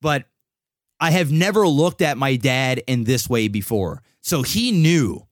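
A man's voice: mid-range voice, lively intonation, a little slow, no echo, studio quality. A young man co-hosting a podcast, telling a long personal story in casual, profane chat full of restarts. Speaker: podcast co-host.

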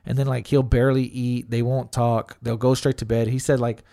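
A middle-aged man talks loosely, spins a story and swears freely. He quotes friends and relatives, with plenty of filler words. His voice sits at a middle pitch and is recorded close and dry, with no room sound. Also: little pitch movement, a little fast, creaky, mellow, no echo. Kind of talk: casual storytelling chat.

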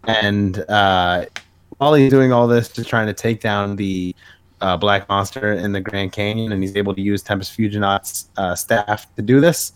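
A man's voice: lowish voice, fairly even intonation, normal speed, smooth. A man co-hosting a podcast, recapping a comic issue in casual chat with many filler words. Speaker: podcast co-host.

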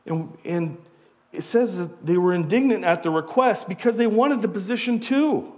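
A pastor, preaching a conversational sermon full of rhetorical questions. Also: male voice, high voice, brisk.

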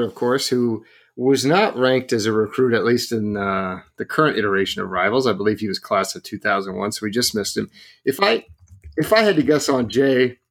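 A man's voice: mid-range voice, fairly bright tone. A man hosting a sports podcast, rambling loosely, laughing and steering the conversation. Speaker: podcast host. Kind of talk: casual sports podcast talk.

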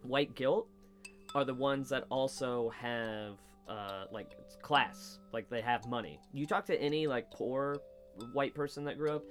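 A man's voice: medium pitch, measured pace, faint music behind. Rambling, swearing man chatting. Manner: rambling, swears often, animated quoting. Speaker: podcast host, comedian. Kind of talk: casual chat. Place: basement studio.

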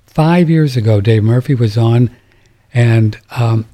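A man's voice: mid-range voice, takes it slowly, mellow. A man hosting a talk radio show, rambling casually with many fillers and restarts.

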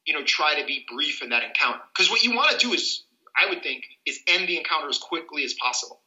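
Earnest man explaining legal rights, bright voice. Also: on the high side, quick pace, echoey room, highs cut off. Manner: earnest, animated explainer who acts out little scenes. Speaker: civil rights attorney, guest.

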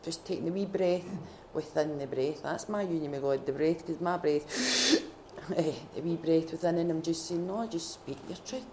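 A Scottish woman at a faith retreat, sharing her personal testimony in a heartfelt, halting way with many restarts. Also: sits low, a little mellow, slight background noise. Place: retreat gathering room.

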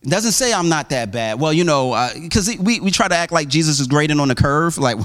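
High-voiced man preaching a sermon. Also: animated, brisk, few pauses, a bit bright. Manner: conversational preaching with many restarts and asides; acts out quoted voices with big pitch jumps. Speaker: pastor.

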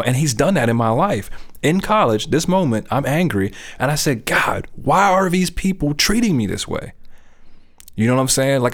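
A middle-aged man talks about faith in an earnest, easygoing way. His voice sits at an ordinary middle pitch, and he often stops to ask whether his listener is following. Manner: earnest, conversational, often asks "you know what I'm saying?". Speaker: speaker on faith. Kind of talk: casual faith talk.

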